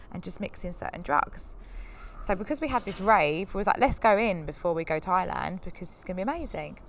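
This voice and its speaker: Candid and heartfelt, a woman in her thirties rambles through a personal story on her podcast. Her voice sits a bit low but turns animated when she quotes people, and a faint ambient hiss lies beneath it.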